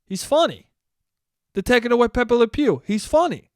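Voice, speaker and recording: A man's voice: very high voice, very animated, normal speed, no room sound, studio quality, pitched above the performer's own voice. A man putting on the voice of a grumbling middle-aged male cop who insistently repeats his complaint. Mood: indignant.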